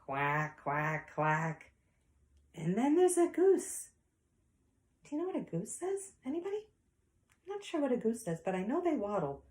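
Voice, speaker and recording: A woman's voice: high voice, big pitch swings, moderate pace, pauses often, warm tone, roomy sound. A woman teacher leading an online lesson for young children, in a sing-song voice that acts out animal sounds. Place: home.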